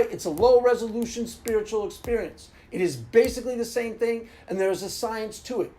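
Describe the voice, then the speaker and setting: A man hosting a Christian talk channel, speaking in an emphatic, animated monologue and laughing as he acts out little scenes. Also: very high voice. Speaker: Christian apologetics channel host. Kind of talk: casual monologue.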